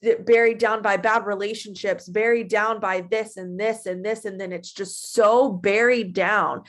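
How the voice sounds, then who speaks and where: A woman in her twenties giving a casual, animated motivational talk to her team, chatty and full of feeling. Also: medium pitch, measured pace. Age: 20s. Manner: animated and chatty, acting out her own past voice.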